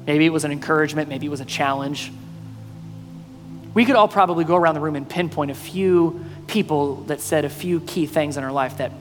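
A male pastor preaching a sermon, mostly earnest and quiet, breaking now and then into loud, playful bursts. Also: a little high. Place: church sanctuary. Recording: long reverb in a hall, faint music.

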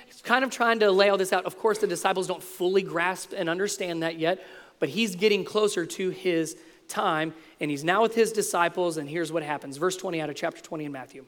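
A man in his thirties preaching a sermon, lively and playful, acting out the voices in the stories he tells. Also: high voice, a little fast, big-room sound. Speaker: pastor.

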